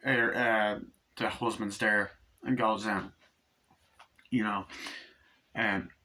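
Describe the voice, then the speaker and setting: A man's voice: fairly low pitch, little pitch movement, slow, sharp tone, a little hiss or hum, low-quality recording. A man casually reviewing a movie, rambling with lots of fillers and swearing as he retells scenes and acts out the characters' lines.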